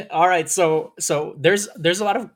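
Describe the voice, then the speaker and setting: A man chatting on a casual podcast with a slightly high voice. He talks fast, laughs a lot and swears freely. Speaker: podcast co-host.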